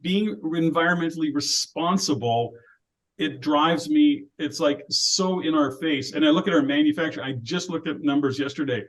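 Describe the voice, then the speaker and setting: An older man from Alberta holds forth on a casual podcast. He is opinionated, full of rhetorical questions and quick to rant. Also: on the high side, rough recording. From Alberta, Canada. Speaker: podcast co-host.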